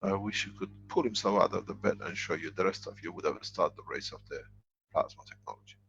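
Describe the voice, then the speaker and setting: A middle-aged man lecturing and answering questions, speaking in halting, broken phrases over a dull lo-fi online call. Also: deep voice, creaky, fairly bright tone, slight background noise. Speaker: foundation leader answering questions.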